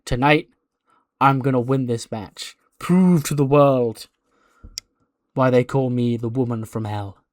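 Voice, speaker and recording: A man's voice: mid-range voice, slow pace, pauses often, no room sound, studio quality, natural voice. A man voicing a vain woman wrestler who gushes and sneers at rivals. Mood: catty. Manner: gushing, catty.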